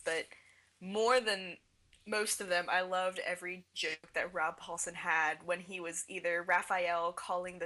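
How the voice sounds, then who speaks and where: Young woman cohosting a fan podcast, bright tone, gushes and laughs a lot. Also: fairly low pitch. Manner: enthusiastic, laughs often, fast recaps. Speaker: podcast co-host. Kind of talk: casual fan podcast discussion.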